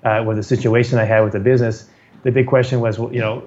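A man's voice: mid-range voice, level tone, fast talker, a little mellow. A middle-aged man from California telling a personal story in a casual way, often repeating words and restarting sentences, with some self-deprecating humor. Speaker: guest telling his story. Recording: slightly dull, muffled recording.

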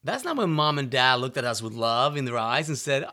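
With a mid-range voice, big pitch swings, and a pushed, bright sound, this man talks fairly quickly and barely pauses. He's an adult parent working as a self-help speaker, giving an earnest, direct motivational monologue and frequently asking "right?" to make sure his audience is keeping up.

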